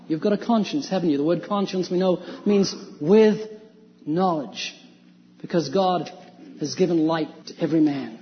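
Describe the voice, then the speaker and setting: A man with a notably high voice preaches an evangelistic sermon, pressing his points with emphatic rhetorical questions. The sound is dull and lo-fi, with a long hall reverb trailing each phrase. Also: moderate pace, a little hiss or hum.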